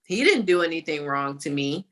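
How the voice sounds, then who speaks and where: Co-host woman, bright and lowish voice, thinks aloud with energy. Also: moderate pace. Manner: reflective, animated, thinking aloud. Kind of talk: casual talk-show conversation.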